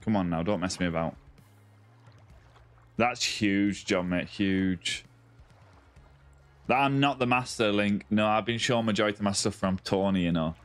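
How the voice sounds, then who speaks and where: A man's voice: lowish voice, a little slow, pauses often. A young man on a live game stream, chatting casually and greeting viewers by name as mate and buddy.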